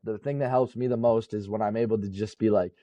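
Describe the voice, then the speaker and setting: A man's voice: fairly low pitch, fairly even intonation, fast talker, dark tone, no echo. A young man, a college baseball player, talking casually and earnestly as a podcast guest, rambling and correcting himself. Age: young adult. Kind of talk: casual interview talk.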